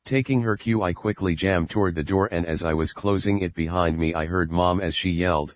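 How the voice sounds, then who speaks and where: Deep-voiced guy reading his audiobook, dry muffled lo-fi sound. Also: brisk, few pauses, no echo. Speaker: audiobook narrator. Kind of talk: first-person audiobook narration. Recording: dull lo-fi recording.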